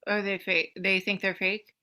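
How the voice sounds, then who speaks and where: A woman's voice: mid-range voice, flat delivery, normal speed, pushed and bright, clear, resonant tone. A woman co-hosting a podcast in casual chat, blunt and playful, swearing casually. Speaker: podcast co-host.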